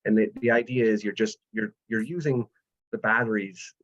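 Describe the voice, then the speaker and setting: A man with a lowish voice walks through how things work in a patient, step-by-step way, leaning on everyday analogies. His voice comes over a video call, and the audio is dull and lo-fi. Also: fairly even intonation, normal speed. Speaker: solar energy presenter. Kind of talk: explanatory webinar talk.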